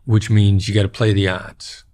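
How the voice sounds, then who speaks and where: A man's voice: lowish voice, little pitch movement, moderate pace, darkish tone. A middle-aged man, a former hostage negotiator, speaking as a podcast interview guest in a plain-spoken way and repeating key phrases for emphasis.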